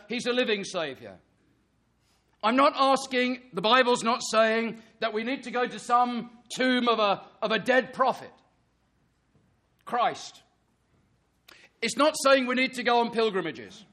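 A man's voice: extremely high pitch, bright, forceful tone. A man preaching an earnest sermon, reading scripture and pressing his listeners with emphatic rhetorical questions.

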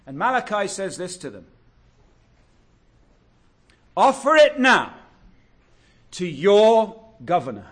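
A man preaching a sermon, earnest and exhortative, drawing out key words slowly. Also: high-pitched, big pitch swings, fairly bright tone. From England.

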